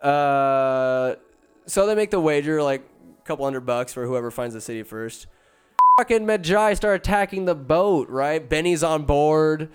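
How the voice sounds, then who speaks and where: Rambling man with a smooth voice. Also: a little high. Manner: rambling, profane, slangy asides. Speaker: film recapper. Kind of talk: casual comedic plot retelling.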